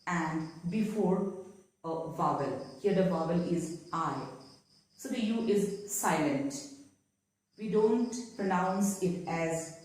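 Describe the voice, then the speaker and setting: A woman giving an English pronunciation lesson, speaking slowly and repeating each example word. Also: lowish voice. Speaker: English teacher. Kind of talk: slow spoken pronunciation lesson. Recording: echoey room, voice from a distance.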